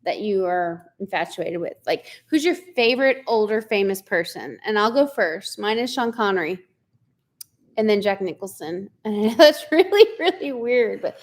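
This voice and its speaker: A woman's voice: mid-range voice, lively intonation, normal speed. A woman in her forties hosting a casual live chat, talking chattily, laughing often and reading out viewer comments. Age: 40s. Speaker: livestream host.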